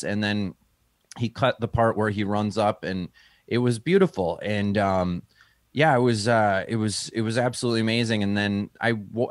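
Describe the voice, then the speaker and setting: Man, comedian guest, casual storytelling, lowish pitch, dry close sound. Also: no echo. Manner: animated storyteller, acts out quotes in a higher voice.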